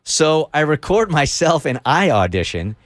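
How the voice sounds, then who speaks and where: A middle-aged man hosting a radio show and telling a story in an animated, quick way. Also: a little high, dry recording, clean studio sound.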